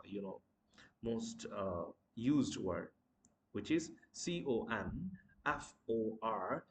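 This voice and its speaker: Slow, lively-voiced male pronunciation teacher. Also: lowish voice, slight background noise. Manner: slow, repeats words, asks questions. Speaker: language teacher. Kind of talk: pronunciation lesson.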